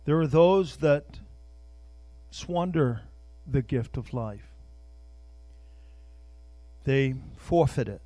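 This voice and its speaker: A man's voice: medium pitch, animated, extremely slow, pauses often, mellow, dry recording. An older man preaching an informal sermon, speaking conversationally and repeating words while searching for them, with a prayer woven in.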